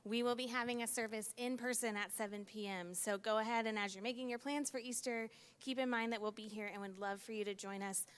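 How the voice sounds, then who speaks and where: A woman co-hosts a casual church podcast. Her tone is upbeat as she moves the talk along and announces what is coming next. Her voice is smooth and resonant. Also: on the high side, steady tone, brisk, few pauses. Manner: upbeat, steering the conversation. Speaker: pastor and co-host.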